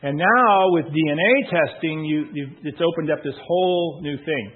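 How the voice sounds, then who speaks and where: Husky-voiced pastor on a tinny line. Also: male voice, a little high. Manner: conversational storytelling with many restarts and acted quotes; slow, deliberate scripture reading. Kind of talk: sermon. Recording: tinny phone-like sound.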